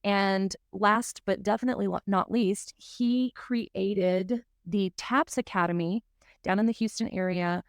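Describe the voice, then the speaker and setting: A woman's voice: mid-range voice, steady tone, a little slow, no room sound. Lady podcaster, earnest and emotional, dry close mic. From South Mississippi. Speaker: podcast host. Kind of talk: casual podcast chat.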